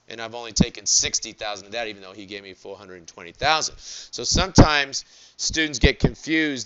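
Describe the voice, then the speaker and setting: Lecturing man, smooth voice, dry lo-fi sound. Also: medium pitch, dry recording. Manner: asks the class rhetorical questions, animated. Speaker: accounting lecturer. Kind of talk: classroom lecture.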